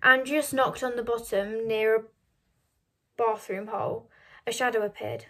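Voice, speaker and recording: A woman reading a novel aloud in a soft, measured storytelling manner. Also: fairly high pitch, steady tone. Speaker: reader.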